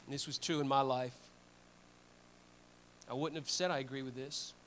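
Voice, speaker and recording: A man's voice: medium pitch, steady tone, normal speed, a bit bright, slight background noise. A man preaching a sermon in a conversational, earnest way, often restarting phrases. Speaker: pastor.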